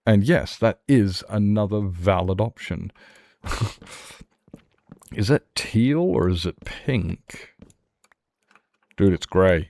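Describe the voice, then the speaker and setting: A man's voice: low-pitched, takes it slowly, long pauses, a little mellow, no room sound. A man streaming a game, chatting loosely and laughing at himself. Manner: rambling, laughs often, self-mocking. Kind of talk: casual gaming stream chat.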